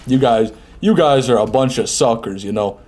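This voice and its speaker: A man's voice: mid-range voice, normal speed, a little mellow. A man chatting casually over live gameplay, reading and answering viewer messages as he plays. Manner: chatty, reads and answers chat. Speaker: streamer.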